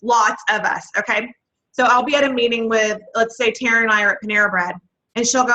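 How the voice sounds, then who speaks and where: A woman from Texas, leading a motivational team training call in a folksy, energetic way. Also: a little high, fast talker, low-quality recording. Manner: energetic, folksy, laughs often. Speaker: network marketing leader. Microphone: video call.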